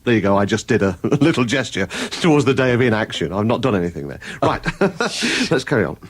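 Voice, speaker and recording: A man's voice: medium pitch, sing-song, brisk, breathy edge. A man chatting casually on a radio show as a regular contributor, rambling through anecdotes and mimicking voices for comic effect.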